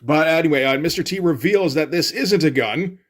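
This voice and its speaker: A man's voice: on the high side, normal speed. Man giving wry, rambling comic commentary. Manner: wry, rambling, frequent fillers. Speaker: comic reviewer.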